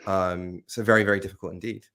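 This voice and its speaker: A man talking in a casual conversation, laying out his argument in a measured way. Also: sits low, level tone, fairly bright tone. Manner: measured, reasoning aloud.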